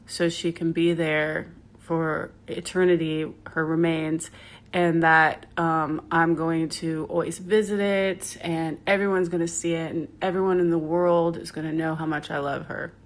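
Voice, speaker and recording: A woman voicing a devoted emperor who gushes earnestly about his love for his wife. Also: deep voice. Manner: earnest and gushing.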